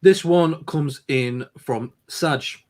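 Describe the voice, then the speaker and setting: A man's voice: on the high side, very slow. A young man co-hosting a casual advice podcast, laughing often and stumbling over his words as he teases. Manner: laughs often, stammers and restarts, playful teasing. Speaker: podcast co-host.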